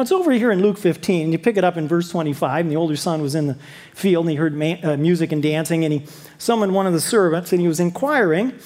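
A man's voice: a little high, darkish tone. A man preaching a sermon, telling a story with rhetorical questions.

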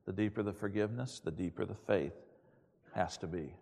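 A middle-aged man preaching a sermon, telling a personal story in a candid, self-mocking and animated way. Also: fairly low pitch, brisk, creaky. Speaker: pastor. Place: chapel. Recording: echoey hall reverb.

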